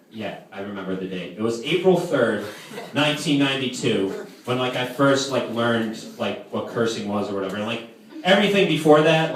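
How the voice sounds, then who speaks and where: A man in his twenties doing live stand-up comedy for a camp crowd, rambling with lots of "like" fillers. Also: mid-range voice. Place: camp hall with live audience. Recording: echoey distant room with noise.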